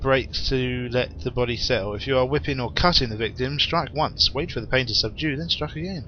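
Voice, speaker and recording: A man's voice: medium pitch, brisk, dull audio, slight background noise. A young man playing a horror game, reading the in-game notes aloud and adding wry, rambling asides. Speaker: let's play gamer.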